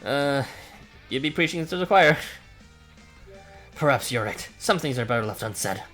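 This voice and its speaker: Giggly man hosting a game playthrough, lively pitch, faint music behind. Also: moderate pace. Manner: giggly, rambling asides. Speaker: let's-play host. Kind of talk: casual game commentary.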